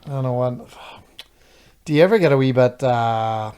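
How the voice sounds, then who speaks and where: A Northern Irish man co-hosts a casual podcast. He tells stories in an unhurried, easygoing way, with swearing throughout. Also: medium pitch, a little mellow, smooth. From Northern Ireland. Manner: laid-back storytelling with swearing. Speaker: podcast co-host. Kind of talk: casual chat.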